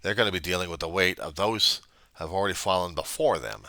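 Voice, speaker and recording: A man with a very low voice and a forceful, pushing tone, talking straight to a reverend in his video diary. He rambles and runs himself down, drifting from near-murmured reflection into sudden raised bursts. The sound is dry and close, with no room around it. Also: a little fast, no echo. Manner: rambling, self-deprecating, swings from quiet musing to loud outbursts. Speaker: video diarist addressing a reverend. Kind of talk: personal video diary monologue.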